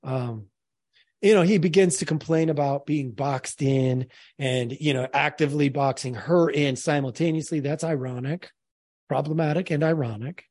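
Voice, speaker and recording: A man's voice: a little high, normal speed, a little mellow, no echo. A man commenting earnestly on a played clip, speaking directly to his audience. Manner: earnest, addresses the audience as folks.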